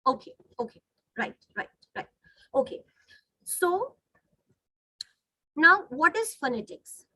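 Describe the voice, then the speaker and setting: A woman's voice: sits high, very animated, pushed and bright, no room sound, rough recording. A woman teaching phonetics in an online webinar, patiently correcting pronunciation and often checking that the class follows. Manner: patient, corrects words slowly with repeated checks. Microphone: video call.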